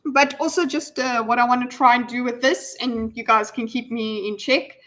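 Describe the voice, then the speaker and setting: Her pitch fairly high and her tone a bit bright, a woman chats with stream viewers at a normal speed and with fairly even intonation. The commentary is casual and rambling, crowded with ums and restarts, over faint background music.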